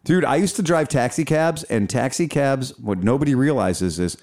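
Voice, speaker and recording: A man's voice: medium pitch, animated, normal speed, darkish tone. A man hosting a podcast in casual, rambling chat, swearing freely and often restarting his sentences. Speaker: podcast host.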